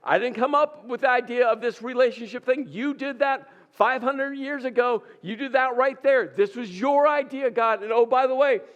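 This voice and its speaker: A man's voice: sits high, slow, dull audio. A man voicing an exasperated, defensive male prophet who pleads his case and stresses his words. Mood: insistent.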